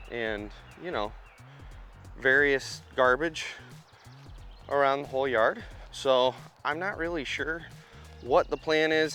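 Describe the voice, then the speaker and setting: A man's voice: mid-range voice, a bit bright. A man hosting a casual vlog as a heavy equipment operator, rambling and self-deprecating as he talks straight to his viewers outdoors at a yard worksite. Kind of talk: casual on-site vlog chat.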